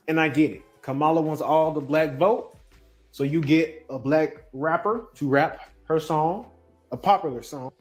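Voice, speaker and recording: A man giving skeptical opinion commentary. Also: a little high.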